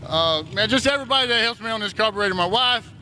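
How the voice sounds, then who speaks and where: A race winner giving halting thanks to his family and fans in a casual trackside interview outdoors. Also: sits high, animated, bright, forceful tone. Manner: halting thanks with fillers and restarts. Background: faint track noise.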